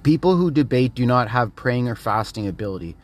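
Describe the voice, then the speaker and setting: A man's voice: medium pitch, animated, a little fast. A man hosting a podcast, speaking in an emphatic, declarative casual monologue that repeats short phrases. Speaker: podcast host.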